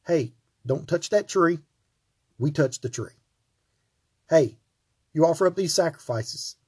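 Husky, earnest Bible teacher man. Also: on the high side, mellow. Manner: earnest, rambling, repeats words and restarts. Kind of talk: closing of a recorded Bible lesson.

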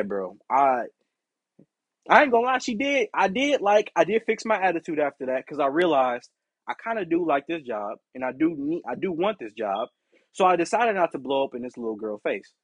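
A man hosting a podcast, telling a casual story in an animated, profane way and acting out the people in it. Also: fairly high pitch, husky, no echo. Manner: animated, profane, acts out quoted exchanges. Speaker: podcast host.

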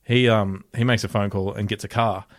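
A young Australian man telling a story in casual chat, animated, swearing often and laughing as he talks. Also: lowish voice, normal speed, no room sound, studio quality.

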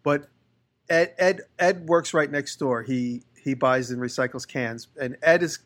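A man's voice: medium pitch, measured pace, fairly bright tone. A man hosting a casual podcast, telling long rambling anecdotes about his workshop. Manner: rambling anecdotes, with voices for the people he quotes. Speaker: podcast host, woodworker. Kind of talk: casual chat, storytelling.

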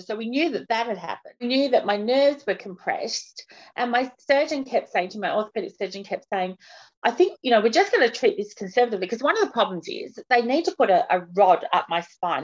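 Woman candidly recounting, lo-fi audio. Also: fairly high pitch. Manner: candid, halting, restarts sentences often. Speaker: guest. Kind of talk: personal interview.

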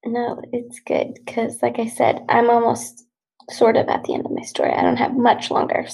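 A woman co-hosting a podcast, telling a true-crime story in a casual, unhurried, matter-of-fact way. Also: fairly high pitch, monotone, creaky, a little mellow, slightly rough, poor audio. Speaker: podcast co-host.

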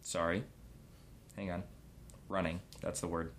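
A man's voice: low-pitched, level tone, unhurried, slight background noise. A man hosting a casual podcast discussion, hesitant and full of fillers as he reads from his notes. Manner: hesitant, many fillers while reading notes. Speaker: podcast host.

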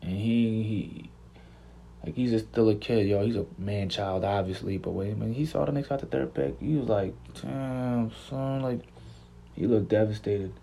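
A man's voice: lowish voice, normal speed, gravelly, warm tone, a little hiss or hum. A man hosting a casual sports podcast, laid-back and slangy, often repeating himself. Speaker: podcast host.

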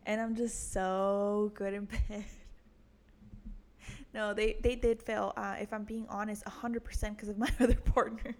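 A young woman hosts her own podcast alone, talking casually in a crude, self-mocking way, swearing often and laughing at her own jokes. Her mid-range voice is a little mellow, with little pitch movement and a measured pace.

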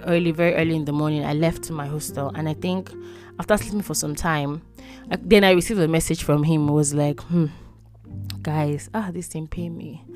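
A young Nigerian woman hosting a podcast, telling a personal story with lively, emotional exclamations. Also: sits low. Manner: animated, emotional storytelling with frequent laughs and exclamations. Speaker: podcast host.

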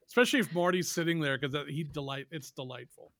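A man with a fairly high voice co-hosts a loose podcast conversation. He talks with eager enthusiasm, laughs often, and swears in passing. The recording is dry and close to the mic. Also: lively intonation, fast, creaky, fairly bright tone, no echo. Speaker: podcast co-host. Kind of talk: casual chat, storytelling.

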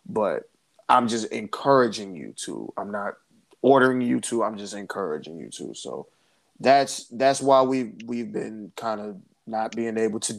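A man's voice: fairly low pitch, vocal fry. A man, co-hosting a podcast and telling an emotional family story with many restarts. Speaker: podcast co-host. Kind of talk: casual podcast chat.

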